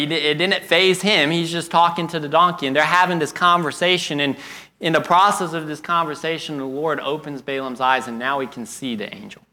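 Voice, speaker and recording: Preacher man, sermon storyteller, slightly high and forceful. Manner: storytelling with repetition, earnest.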